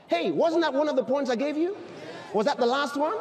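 Fired-up male pastor preaching, really high voice swinging all over, keeps asking the crowd questions. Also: expressive, brisk, slight background noise. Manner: fervent, emphatic, often shouting, asks the crowd rhetorical questions. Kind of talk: sermon.

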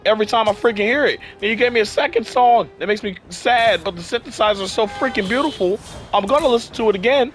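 A man's voice: high voice, quick pace, a bit bright, faint music behind. A young man, sick and a bit worn in the voice, ranting in exasperation as he comments on a game he is playing. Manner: ranting, exasperated, heavy use of "freaking". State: sick, voice affected. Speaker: gaming YouTuber. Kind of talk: casual gameplay commentary.

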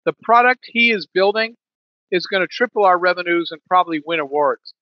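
A man's voice: high-pitched, a little fast, no echo, lo-fi sound. A man in a podcast interview, telling a business story with many restarts and fillers. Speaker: podcast guest, business leader.

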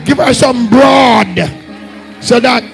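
A Jamaican man leading a fiery Pentecostal service, shouting repeated calls to the congregation. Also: very high voice, steady tone, unhurried, gravelly, soft background music, poor audio. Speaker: apostle leading a church service. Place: church hall during a live service.

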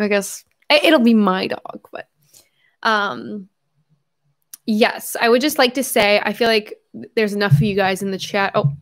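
A young adult woman hosting a casual livestream from home, chatting effusively and reading viewer messages aloud with quick asides and self-corrections. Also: mid-range voice. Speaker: livestream host.

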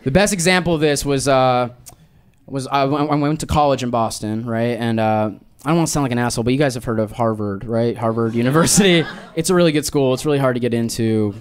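A man in his thirties performing a stand-up set, telling a story in a dry, deadpan way and slipping into exaggerated voices for quotes. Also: medium pitch, fast talker, clean tone. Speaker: stand-up comedian. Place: live comedy club with audience laughter. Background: audience laughter.

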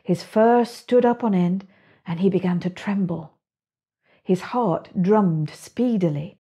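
A woman reads her own children's picture book aloud, slow and gentle with expressive storytelling. Her voice is warm and very breathy, a little low, with faint music underneath.

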